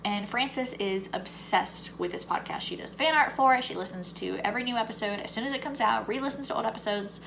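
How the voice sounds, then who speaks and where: A woman's voice: medium pitch, fairly bright tone. A young woman with a faint Southern US accent, talking candidly through a casual book review vlog and turning heated when she rants. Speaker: book vlogger. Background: faint lawnmower noise.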